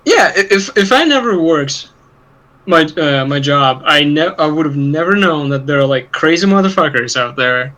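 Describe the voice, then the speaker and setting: A man's voice: fairly high pitch, lively intonation, normal speed, sharp tone, poor audio. A man co-hosting a podcast, rambling in casual chat with lots of swearing and laughter. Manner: rambling, profane, laughs often. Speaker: podcast co-host.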